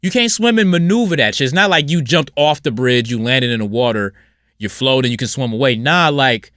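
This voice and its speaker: A man hosting a casual solo podcast, talking bluntly and rambling, with his voice swinging from loud outbursts to low mutters. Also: lively intonation, brisk, no room sound, clean studio sound. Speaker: podcast host.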